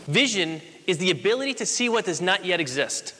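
Fast, high-voiced young man giving a motivational speech. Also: very animated, sharp tone, a little hiss or hum. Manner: emphatic and fast-talking, with rhetorical questions. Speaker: motivational speaker. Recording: long hall reverb.

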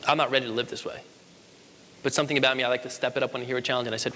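Fast, bright-voiced male motivational speaker. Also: medium pitch, slight background noise. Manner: energetic, emphatic storytelling. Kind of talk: motivational speech. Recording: long hall reverb.

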